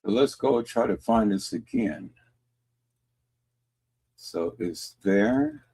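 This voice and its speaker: A man's voice: lowish voice, animated, takes it slowly, warm tone, breathy edge. A man casually thinking aloud as he talks his viewers through what he is doing. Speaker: YouTube commentator. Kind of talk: casual commentary.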